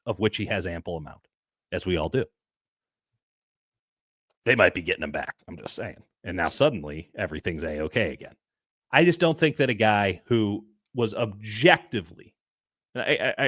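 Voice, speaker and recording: A sports columnist co-hosts a postgame sports analysis show, building his argument bluntly and emphatically, stumbling over restarts and repeating himself as he revs up. His voice is lowish and a bit bright, in clean studio sound with no room noise.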